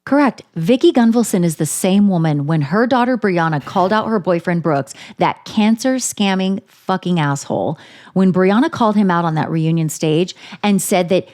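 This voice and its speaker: A woman's voice: on the low side, moderate pace, a little mellow. A woman co-hosting a podcast, ranting in a heated, profane casual chat. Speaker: podcast co-host.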